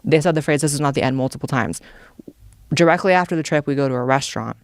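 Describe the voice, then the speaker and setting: A man's voice: a little high, fast, smooth, no echo, studio quality. A man in casual podcast chat, earnestly telling a story and quoting the people in it. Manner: earnest, chatty, quotes people in dialogue. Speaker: podcast guest.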